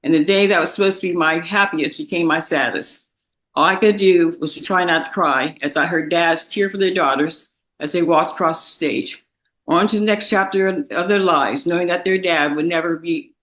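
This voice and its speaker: Young woman, courtroom statement read from a page, tearful and halting, bright, pushed tone. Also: on the low side, poor audio. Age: young adult. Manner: emotional, halting, with restarts and repetitions. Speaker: victim's daughter giving impact statement. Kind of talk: reading a prepared statement aloud.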